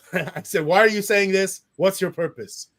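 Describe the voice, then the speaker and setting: A man hosting a casual talk show, reading out comments with animated indignation and laughing as he goes. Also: high voice, a little slow. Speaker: podcast host.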